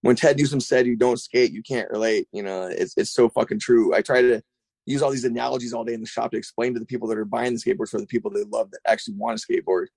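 A gravelly-voiced middle-aged man talks quickly and loosely, swearing freely as he rambles through skate stories. The sound is dry and close, with no room in it. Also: mid-range voice, dry recording. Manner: profane, rambling, animated storyteller. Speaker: skate shop owner. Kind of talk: casual podcast chat.

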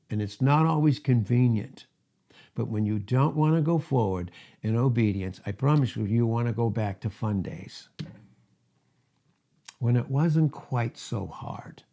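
Pastor guy preaching, gravelly voice, pushes hard then drops quiet. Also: mid-range voice. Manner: emphatic preaching with rising and falling intensity. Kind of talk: sermon.

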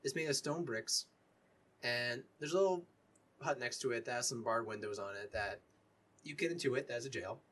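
A man narrating as game master in a tabletop game, talking casually and haltingly with many fillers. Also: mid-range voice, fairly bright tone.

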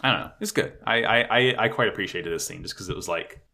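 A man co-hosting a casual podcast, excitedly recapping an anime episode, swearing freely and stammering when unsure. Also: deep voice, quick pace, creaky. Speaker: podcast co-host.

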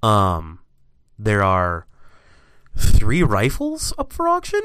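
A man co-hosting a casual chat, telling animated, profane stories. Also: on the low side, slow, a little hiss or hum. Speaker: podcast co-host.

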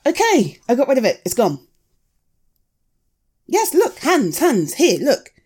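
A woman voicing a caring young woman who calmly reassures a frightened friend in an audio role-play, repeating gentle soothing words. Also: sits high, takes it slowly, slightly rough, full character voice. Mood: comforting.

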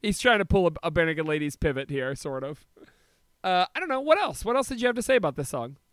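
Podcast guy chatting about a song, lively up and down voice, laughs a lot, dry mic. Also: high voice, fast, smooth, no echo. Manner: relaxed, laughing, many fillers. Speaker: podcast co-host. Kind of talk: casual chat about music.

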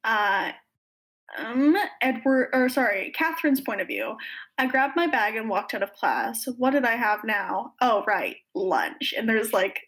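A woman's voice: on the high side, expressive, measured pace, fairly bright tone. A young woman reading fan fiction aloud in a casual podcast, breaking off to laugh and rant about it.

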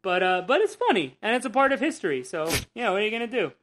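A woman's voice: mid-range voice, big pitch swings, fast talker, a bit bright, slight background noise. Chatty woman hosting a podcast. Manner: chatty, swears casually, frequent restarts. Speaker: podcast host. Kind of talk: casual podcast chat.

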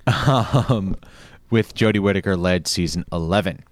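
Male host, casual chat, lively lowish voice, dry sound, laid-back. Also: slow pace, no room sound. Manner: laid-back, laughs often, animated. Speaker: podcast host.

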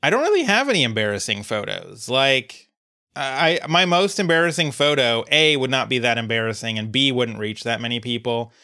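A man's voice: mid-range voice, lively intonation, normal speed, sharp tone. A man hosting and editing a podcast, chatting casually in a dry, wry way. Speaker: podcast host and editor. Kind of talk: casual chat.

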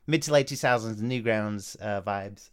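Rambling podcast co-host, smooth voice. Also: male voice, lowish voice, moderate pace. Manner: rambling, many restarts and chuckles. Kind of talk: casual chat reviewing front-page submissions.

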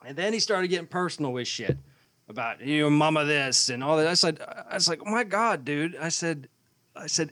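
A man's voice: fairly high pitch, brisk, fairly bright tone, dry recording. A man co-hosting a podcast, telling a story in casual chat and acting out both sides of an argument. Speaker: podcast co-host.

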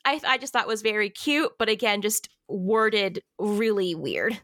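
A woman's voice: mid-range voice, measured pace, bright, forceful tone, no room sound, studio quality. A young woman co-hosting a casual book review chat, informal and swearing freely, laughing often. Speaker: podcast co-host, book critic.

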